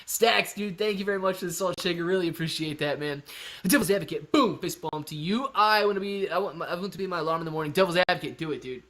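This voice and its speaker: A man hosting a live stream, answering viewer chat in a casual, energetic and hyped way, calling people man and dude. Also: high voice, quick pace. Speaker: livestream host answering chat.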